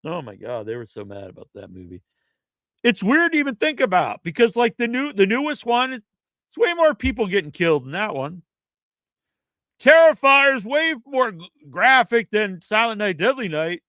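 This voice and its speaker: A man's voice: high-pitched, big pitch swings, moderate pace, sharp tone, no room sound. A man hosting a podcast, ranting in a casual, rambling and profane way. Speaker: podcast host. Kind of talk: casual rant.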